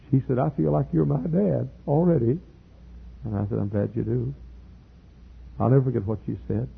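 A middle-aged male pastor telling a story in a sermon, earnest, repeating words and building to loud emphatic peaks. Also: mid-range voice, gravelly, slight background noise. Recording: tinny lo-fi sermon tape.

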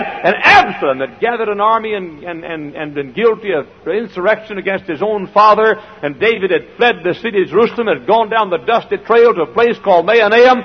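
High-voiced preacher in an echoing hall. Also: male voice, brisk, few pauses, husky. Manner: folksy, rhetorical questions, swings between loud and hushed. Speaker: pastor. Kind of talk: sermon. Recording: dull old sermon recording in a large hall.

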